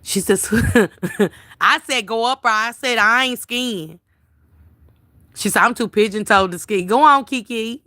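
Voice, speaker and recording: A woman's voice: fairly high pitch, measured pace, pushed and bright, no echo, clean studio sound. A woman hosting a casual livestream, reading viewers' comments aloud and chatting back to them by name.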